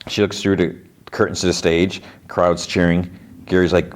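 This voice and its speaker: Low-voiced male podcast host, loose rambling recap, heavy on filler words. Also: flat delivery, moderate pace. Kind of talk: casual episode recap.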